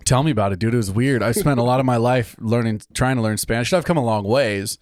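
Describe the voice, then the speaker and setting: A man's voice: mid-range voice, no echo, studio quality. A man in casual podcast chat from California, telling stories with lots of laughter. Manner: animated storytelling, quick to laugh. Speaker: podcast co-host.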